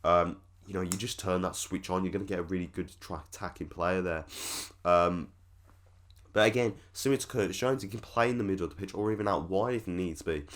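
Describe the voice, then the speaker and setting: A man's voice: low voice, fairly quick. A man hosting a football fan channel, giving rambling, opinionated commentary with lots of fillers. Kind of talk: casual commentary to camera.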